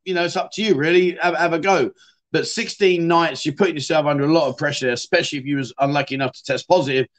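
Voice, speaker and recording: A man's voice: fairly high pitch, fairly bright tone. A middle-aged man, hosting a casual livestream and chatting through viewer comments in a rambling way, often repeating words and restarting sentences. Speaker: livestream host.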